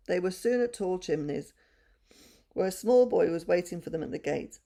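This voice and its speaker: A woman reading a children's story aloud, gentle and measured. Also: on the low side, expressive, vocal fry.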